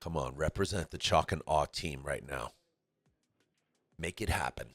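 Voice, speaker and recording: Laid-back deep-voiced man commentating pool. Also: normal speed, a bit bright, no echo. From California. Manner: laid-back, chatty, laughs often. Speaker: stream commentator.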